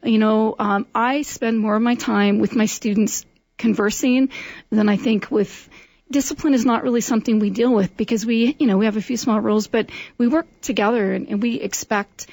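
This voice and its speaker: Middle-aged woman, school leader, chatty and warm storyteller; higher voice, dry close sound. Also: fairly even intonation, moderate pace, no room sound. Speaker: school administrator. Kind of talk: interview conversation.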